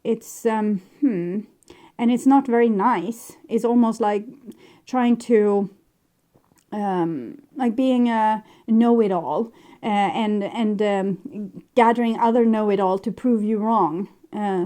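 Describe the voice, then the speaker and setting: A woman's voice: mid-range voice, takes it slowly, dark tone. A woman giving a rambling tarot reading, talking in a hesitant, meandering way full of fillers and restarts. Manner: meandering, hesitant, many fillers and self-corrections. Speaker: tarot reader.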